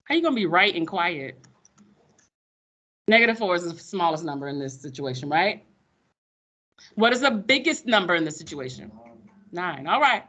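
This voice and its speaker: Bright-voiced sassy math teacher. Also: female voice, fairly low pitch, sing-song, normal speed, pauses often. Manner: sassy, playful, calls students sugar baby. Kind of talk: classroom teaching. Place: classroom.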